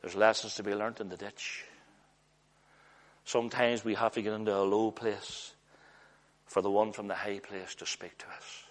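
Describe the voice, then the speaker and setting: A man preaching a sermon in an earnest, storytelling way, often letting his voice drop low and hushed. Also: flat delivery, moderate pace, pauses often.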